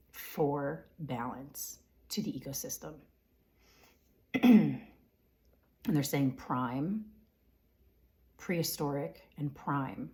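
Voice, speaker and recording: A woman giving a live spiritual reading, relaying impressions in halting, repetitive phrases, often whispering her questions softly to herself and clearing her throat. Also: deep voice. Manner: frequent fillers and throat-clearing. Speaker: intuitive reader.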